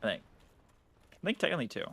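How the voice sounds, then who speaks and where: A man live-streams a game, talking fast in a sharp tone with a faint hiss or hum in the background. His chat is casual and rambling, full of swearing and laughter at his own expense.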